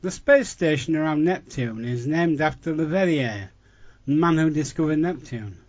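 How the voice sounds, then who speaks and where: A man with a fairly high voice reads out his notes on an episode in a measured, informative tone. The recording sounds dull and lo-fi. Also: expressive, darkish tone. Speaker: listener sending recorded feedback. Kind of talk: read-out commentary.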